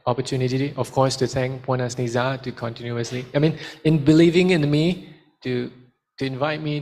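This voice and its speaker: A man giving a study skills seminar to students and taking questions, switching into Malay now and then. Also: medium pitch. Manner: lively, mixes in Malay phrases. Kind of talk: seminar talk with Q and A.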